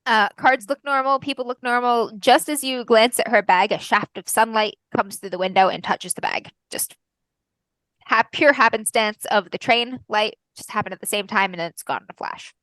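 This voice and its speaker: A woman's voice: on the high side, moderate pace, a bit bright, dry recording, low-quality recording. A woman narrating a tabletop role-playing game as game master, wry and playful.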